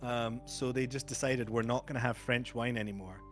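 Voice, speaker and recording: A Scottish man chatting casually on a stream, telling stories in a jokey way. His voice sits at an ordinary middle pitch. Soft music plays in the background. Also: fairly even intonation, brisk. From Scotland. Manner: chatty, jokey storyteller who laughs often. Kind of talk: casual chat.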